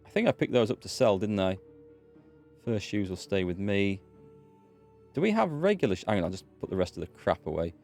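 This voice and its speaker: A man's voice: fairly low pitch, big pitch swings, fairly quick, long pauses, a little mellow, faint music behind. A man chatting casually with wry asides while playing a video game as a let's play host. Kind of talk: casual gameplay commentary.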